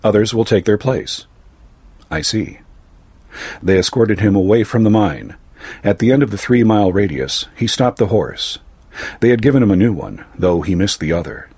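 A male narrator reads a fantasy tale in a measured, even manner. His voice is low and slightly husky. The recording is dry and close, with no room sound. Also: no room sound. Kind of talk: scripted story narration.

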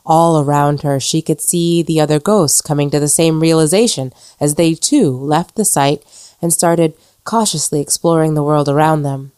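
A woman narrates a short story in a measured, dramatic way. Her voice sits very low for a woman, and the recording is dry and close. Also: steady tone, darkish tone, clear, resonant tone, dry recording. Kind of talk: scripted narration.

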